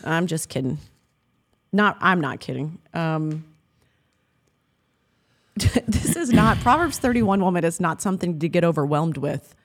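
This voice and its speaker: A woman's voice: lowish voice, animated, unhurried, long pauses. A woman in her thirties co-hosting a Christian marriage talk, speaking earnestly and affectionately and quoting scripture. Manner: earnest and affectionate, laughs often, quotes scripture. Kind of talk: heartfelt faith-based chat.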